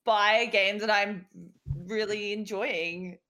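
A woman's voice: mid-range voice, steady tone, slow pace, pushed and bright. A woman talking as a guest on a casual chat show, chatty and self-mocking, laughing as she speaks.

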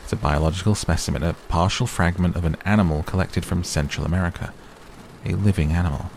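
A man's voice: low voice, quick pace, vocal fry, a little mellow, a little hiss or hum. A man voicing a busy male scientist who answers curtly and reluctantly, read as an audiobook character. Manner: curt, reluctant.

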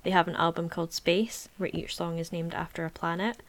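A woman's voice: on the low side, steady tone, a little fast. A woman co-hosting a podcast, chatting and explaining in a friendly way. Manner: friendly, laughs often, explains at length. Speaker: podcast co-host. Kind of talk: casual podcast chat.

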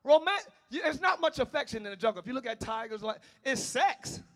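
A male pastor preaching a passionate sermon, swinging between shouting and hushed tones and talking straight to the congregation. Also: very high voice, animated, brisk. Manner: talks directly to the congregation, calling them y'all.

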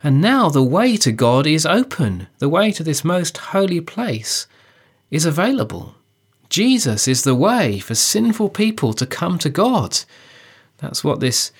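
A man discussing how to preach a passage, speaking in an earnest, measured way with emphasis on key phrases. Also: fairly high pitch, husky. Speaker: preacher giving a preaching guide. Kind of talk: teaching dialogue on sermon preparation.

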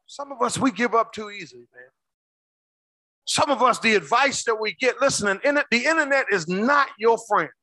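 A male preacher delivers a sermon in a high, bright voice that swings between booming shouts and near-whispers. He calls out to the congregation, and the recording is close and dry. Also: animated, normal speed, no room sound.

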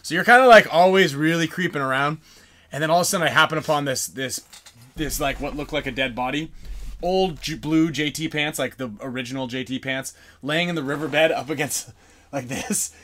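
A man hosting a podcast, telling a lively story in casual chat and acting out the people in it. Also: a little high, fairly quick. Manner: animated storyteller, acts out voices, frequent laughs. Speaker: podcast host.

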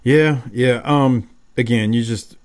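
A man's voice: mid-range voice, slow. Rambling man hosting a podcast. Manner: loose, rambling, fired-up opinions. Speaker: podcast host. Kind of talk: casual podcast chat.

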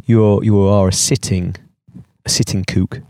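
Male co-host, low voice, wry casual delivery. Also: level tone, unhurried, mellow, dry recording, clean studio sound. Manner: wry, joking. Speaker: podcast co-host. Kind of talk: casual chat.

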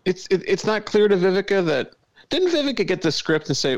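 A man's voice: high voice, sing-song, moderate pace, muffled recording. A man co-hosting a podcast in casual chat, wry and joking, often laughing as he talks. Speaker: podcast co-host.

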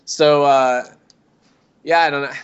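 A man's voice: on the high side, steady tone, slow pace, smooth. A man co-hosting a casual sports podcast, talking with dry sarcasm and frequent laughs. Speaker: podcast co-host. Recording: dull lo-fi sound.

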